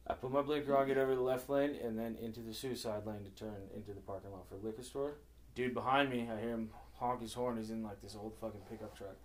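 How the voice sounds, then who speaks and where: A man's voice: on the low side, fairly even intonation, quick pace. Crude young man telling stories. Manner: crude, swears freely, acts out quotes. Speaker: podcast co-host. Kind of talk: casual storytelling.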